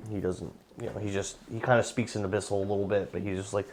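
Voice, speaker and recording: A man's voice: lowish voice, little pitch movement, fast, a little hiss or hum. A man narrating as game master in a tabletop game, in loose, conversational narration.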